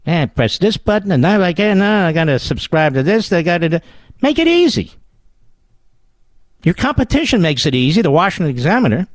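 A man hosting talk radio in a high, very lively voice, sarcastic and combative. He is recorded dry and close on a studio mic. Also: fast talker, hardly any pauses, dry recording. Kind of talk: political talk radio monologue.

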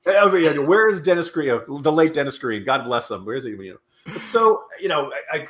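A man's voice: fairly high pitch, expressive, a little fast, fairly bright tone, a little hiss or hum. A man co-hosting a political podcast, talking in a sarcastic, ranting way. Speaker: podcast co-host. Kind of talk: casual political chat.

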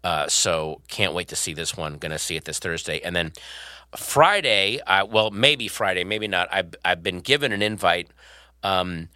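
Animated male podcast host. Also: low voice, moderate pace, dry recording. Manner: animated, rambling, playful. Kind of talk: casual chat.

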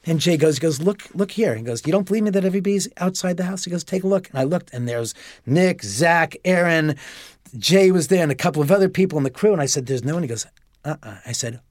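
A man telling a story as a podcast guest, animated and profane, acting out the dialogue. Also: fairly high pitch, fast talker, no room sound, clean studio sound. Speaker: homeowner guest.

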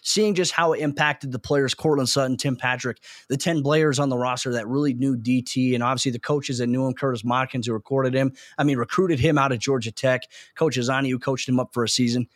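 A man's voice: mid-range voice, steady tone, fairly quick, hardly any pauses, dry recording. A man hosting a sports podcast in casual chat, talking in an earnest and emotional way.

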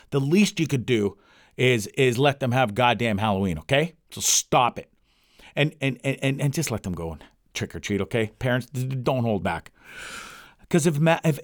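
A man's voice: mid-range voice, no echo. Man, middle-aged, solo podcast host, foul-mouthed rambling rant, dry close sound. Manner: profane, ranting, rambling. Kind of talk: casual rambling monologue. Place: home recording for a podcast.

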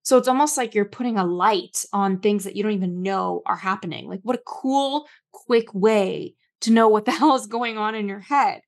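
A woman host of a podcast, talking casually and with animation, and telling personal stories loosely with lots of "like"s. Her voice sits at a middle pitch for a woman. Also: moderate pace, few pauses. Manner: chatty and animated storyteller, many filler "like"s. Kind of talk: casual interview chat.

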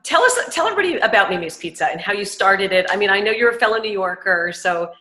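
A woman's voice: mid-range voice, expressive, quick pace, pushed and bright, reverberant, poor audio. A woman from Manhattan co-hosting a show, chatty and enthusiastic, laughing often in a casual interview. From Upper East Side, Manhattan. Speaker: show co-host.

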